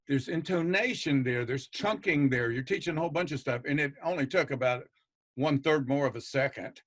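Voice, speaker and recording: Emphatic, blunt man with a higher voice. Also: fairly quick. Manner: emphatic and blunt, mild swearing, repeats for stress. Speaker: reading educator on a panel. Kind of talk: passionate panel discussion.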